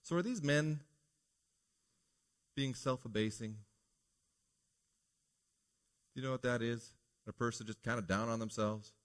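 A male pastor delivering a Sunday morning sermon in an earnest, preacherly way. He poses rhetorical questions to the congregation and leans on key phrases. His voice sits at an ordinary middle pitch for a man. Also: normal speed.

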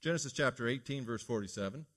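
A male pastor delivering a Sunday morning sermon in an earnest, preacherly way. He poses rhetorical questions to the congregation and leans on key phrases. His voice sits at an ordinary middle pitch for a man. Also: fast talker, a bit bright.

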